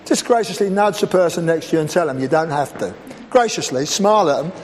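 A man's voice: on the high side, expressive, brisk. A man preaching a humorous sermon in a church, with playful, teasing asides to the congregation. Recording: reverberant church hall with faint background noise.

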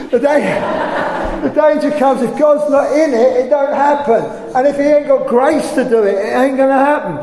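A man's voice: very high voice, moderate pace, a little mellow. An older man preaching a sermon, emphatic and full of rhetorical questions. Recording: echoey hall, faint room noise.

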